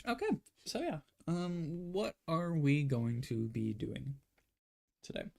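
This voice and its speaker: Young man, gravelly voice, casual drawing stream, rambling, self-deprecating, tired. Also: on the high side, slow pace, a little mellow. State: yawning, tired. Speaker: art streamer. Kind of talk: casual drawing livestream chat.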